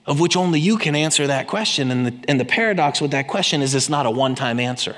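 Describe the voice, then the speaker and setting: A man preaching a sermon with impassioned delivery, swinging between loud emphasis and quiet intensity. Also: on the high side, lively intonation, fast talker. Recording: long hall reverb.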